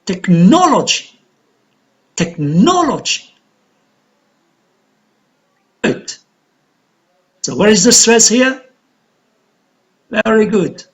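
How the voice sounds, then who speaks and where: A man with a high, animated voice walks a class through word stress. He talks at an unhurried pace and counts syllables out loud, one by one. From Algeria. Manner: slow, deliberate explanation, counting syllables aloud. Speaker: English teacher.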